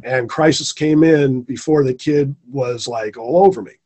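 A man's voice: medium pitch, unhurried, mellow. A man, a former teacher, telling a personal story in an earnest, rambling way and repeating phrases for emphasis. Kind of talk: casual storytelling in conversation.

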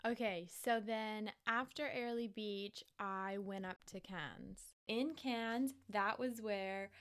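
Young woman vlogger, twenties, casual storytelling, swears freely, gushing and filler-heavy, clear smooth tone. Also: medium pitch, slow pace, fairly bright tone. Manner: profane, gushing, lots of "like" fillers.

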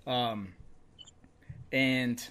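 A man's voice: medium pitch, steady tone, extremely slow, crowd noise. A man co-hosting a podcast in casual chat, laughing often and swearing freely. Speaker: podcast co-host.

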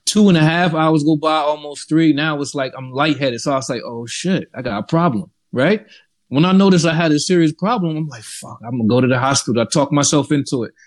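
A man's voice: a little high, brisk. A young man telling a long story in casual talk, acting out the people in it. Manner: animated, acts out the people in his story. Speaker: podcast host telling a story.

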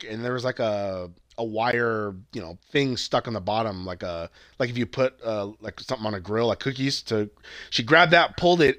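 A man's voice: mid-range voice, a bit bright, no room sound. A young man casually retelling a movie plot, acting out the characters' lines and swearing freely. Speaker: podcast co-host. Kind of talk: casual movie review chat.

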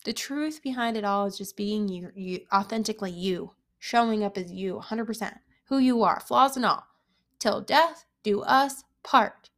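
A woman's voice: mid-range voice, moderate pace, hardly any pauses, a bit bright. A young woman coach giving an encouraging motivational talk, emphatic and repeating key phrases for weight. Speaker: self-help coach. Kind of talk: motivational monologue to camera.

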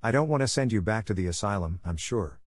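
A man voicing a stern, brisk older spinster woman who talks in a curt, reproving way in a storybook reading. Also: fairly low pitch, animated, dry recording, clean studio sound. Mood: scolding.

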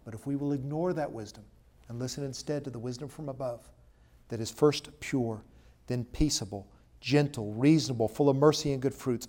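Man preaching with emphatic rises and hushed lows. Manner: asks the congregation questions. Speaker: pastor. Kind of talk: sermon and closing prayer.

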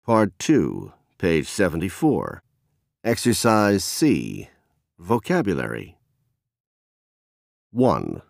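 A man narrating textbook audio, announcing exercise numbers and instructions in a measured way. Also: low-pitched, huge pitch swings, vocal fry, a little mellow, dry recording, clean studio sound.

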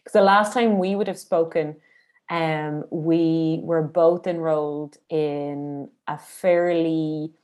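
A woman's voice: low voice, fairly even intonation, slow pace, a little mellow. A woman in her thirties hosting an interview, affirming her guest in casual chat. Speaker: podcast host.

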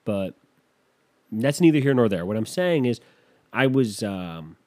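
A man's voice: on the low side, sing-song, unhurried, dark tone. A man telling a rambling, self-deprecating story in casual chat, losing his thread and picking it back up.

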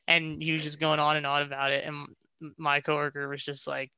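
Bright-voiced young man telling stories. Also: a little high, little pitch movement, fairly quick, smooth, no room sound. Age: young adult. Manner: laid-back, laughing while telling stories. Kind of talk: casual chat, storytelling. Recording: dull dry podcast mic.

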